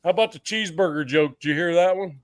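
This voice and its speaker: A man's voice: fairly high pitch, fast talker. A man co-hosting a casual livestream, telling jokes and laughing at his own punchlines, often repeating words as he goes. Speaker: podcast co-host telling jokes.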